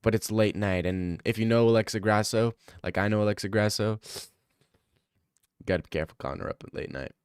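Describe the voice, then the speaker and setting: A man's voice: lowish voice, brisk, clear, resonant tone, no room sound, studio quality. A young man streaming, chatting casually, joking, rambling and swearing freely. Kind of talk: casual live-stream chat.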